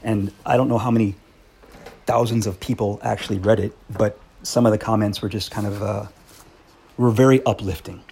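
A man's voice: lowish voice, fairly even intonation, moderate pace, vocal fry, darkish tone, a little hiss or hum. A man hosting a podcast in a candid personal monologue, blunt and swearing freely, partly reading aloud his own old essay. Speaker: podcast host.

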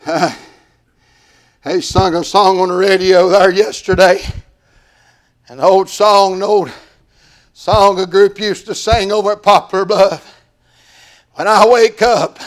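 An older man preaching an old-time sermon, swinging from hushed talk to shouting in a sing-song way, with a gravelly voice. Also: sits high.

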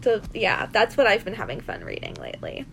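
A woman's voice: medium pitch, brisk, vocal fry, a little hiss or hum. A young woman co-hosting a podcast in casual chat, bubbly with many fillers. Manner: bubbly, lively, filler-heavy. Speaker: podcast co-host.

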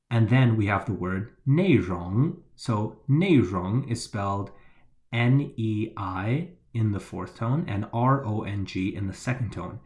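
A man explaining Mandarin grammar to learners, patiently repeating the key points. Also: fairly low pitch. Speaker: language teacher.

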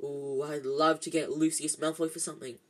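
A reader voicing an excitable, eager balding wizard father, raising the voice for him in an amateur audiobook. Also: medium pitch, a little fast, close to an everyday voice. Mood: grim.

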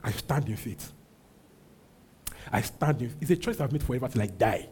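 A young man with a husky voice preaching a sermon as pastor, emphatic, repeating his phrases and swinging from loud calls to low asides. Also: expressive, normal speed, slight background noise.

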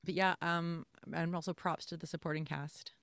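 A woman co-hosting a casual movie-review chat, talking in an animated way and acting out scenes with quoted voices. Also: fairly low pitch, normal speed, dry recording, studio quality. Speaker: podcast co-host.

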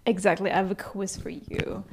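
A woman's voice: medium pitch, flat delivery, moderate pace, slight background noise. A woman co-hosting a podcast in casual chat, hesitant and full of fillers, often giggling. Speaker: podcast co-host.

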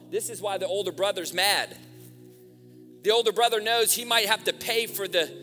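A man preaching a sermon in a church, impassioned, swinging from hushed appeals to shouted fervor. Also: sits high. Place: church hall. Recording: music, long hall reverb.

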